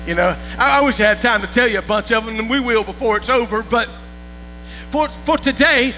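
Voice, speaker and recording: A man's voice: very high voice, fairly quick, sharp tone. A man preaching a sermon as pastor, folksy, repeating words and checking that the congregation follows along. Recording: long reverb with faint music and mains hum.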